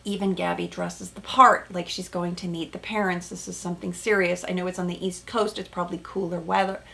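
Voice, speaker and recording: A woman therapist hosting a casual recap of a reality show, animated and emphatic, with frequent "right?" asides. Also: on the low side, fairly quick, gravelly.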